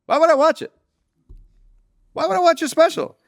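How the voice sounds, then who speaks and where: A man's voice: medium pitch, wildly swooping pitch, moderate pace, creaky, fairly bright tone, no room sound, clean studio sound, pitched below the performer's own voice, heavily acted. A man doing an impression of a blunt, irritable older comedy creator who talks in incredulous, exasperated bursts.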